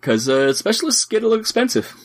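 A man with a husky, slightly breathy voice talks through his wargame army list on a podcast. His pitch moves around a lot as he rambles, stops and restarts. The tone is loose and conversational. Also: sing-song, quick pace. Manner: rambling, many fillers and restarts, laughs often. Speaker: podcast co-host. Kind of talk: casual chat about a tabletop wargame.

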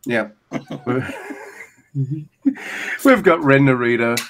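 A man co-hosting a podcast, recapping a wrestling match in a rambling, profane, animated way. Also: mid-range voice, very slow, slight background noise. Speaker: podcast co-host. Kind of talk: casual wrestling recap chat.

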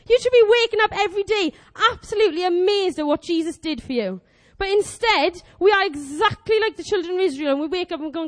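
A woman in her twenties preaching a lively sermon, animated and exclamatory, acting out quoted prayers. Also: very high voice, fairly quick. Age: 20s.

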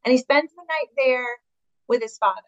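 Woman leading bible study, higher voice, dry close sound, kinda muffled. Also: moderate pace, no room sound. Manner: earnest, enthusiastic, with fillers and restarts. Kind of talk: Bible study teaching, reading scripture aloud.

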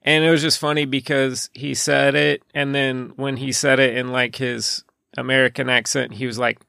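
A man co-hosts a podcast with a bright, tense edge and a crisp, resonant tone. His voice carries a lot of fry, and his thoughts meander and often trail off. The recording is close and dry. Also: medium pitch, level tone, moderate pace, no echo. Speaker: podcast co-host. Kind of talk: casual film-discussion chat.

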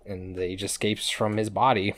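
A man with a fairly low voice talks through the plot of a cartoon episode in loose, casual podcast chat. He rambles and swears freely as he goes. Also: level tone, moderate pace, fairly bright tone. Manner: rambling, profane play-by-play retelling. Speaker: podcast co-host recapping episodes.

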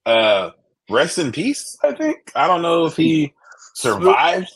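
A man's voice: fairly high pitch, wildly swooping pitch, takes it slowly, a bit bright, slightly rough. A man co-hosting a sports podcast, laid-back and teasing in casual chat. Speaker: podcast co-host.

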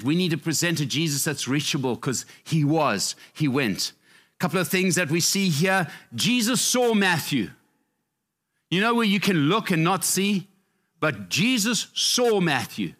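Middle-aged male pastor, fervent sermon, keeps hammering his points, swings from high peaks to quiet low asides. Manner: passionate, repetitive emphasis, swinging up and down in pitch.

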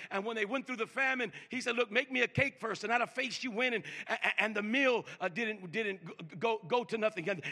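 High-voiced older preacher, loud then hushed. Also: male voice, vocal fry. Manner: repeats words, swings from loud emphasis to hushed. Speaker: pastor. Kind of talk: sermon.

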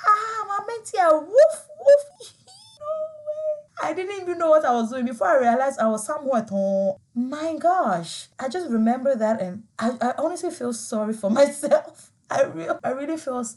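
A young woman with a Ghanaian accent tells a personal story. She speaks with animated emotion and laughs often as she talks. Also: a little high. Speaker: vlogger.

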